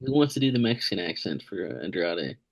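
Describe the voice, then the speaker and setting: A man's voice: deep voice, big pitch swings, fast, gravelly. A man co-hosting a podcast, needling and egging the others on in casual chat. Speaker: podcast co-host.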